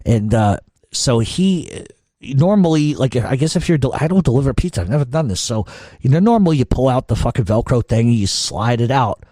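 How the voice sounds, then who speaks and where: Middle-aged guy spinning a yarn, swears a lot, mellow dry voice. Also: mid-range voice, animated, a little fast, no echo. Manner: profane, rambling, many restarts. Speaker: podcast storyteller. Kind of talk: casual storytelling.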